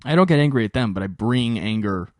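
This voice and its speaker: A young man hosting a podcast, telling a long story alone in an animated, exasperated way and swearing often. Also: medium pitch, fast, no room sound, clean studio sound. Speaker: podcast host. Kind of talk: solo storytelling monologue.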